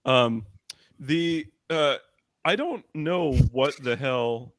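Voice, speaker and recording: A man's voice: medium pitch, animated, very slow, pauses often, a bit bright, no echo, clean studio sound. Rambling, swearing podcast co-host man. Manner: rambling, swearing, many fillers and restarts. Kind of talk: casual live-stream banter. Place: room by candlelight. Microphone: handheld microphone.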